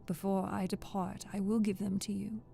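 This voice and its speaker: Low-key gravelly woman reading softly. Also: moderate pace, faint music behind. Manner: steady, careful reading that restarts phrases. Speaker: audiobook reader. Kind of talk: soft-spoken ASMR reading.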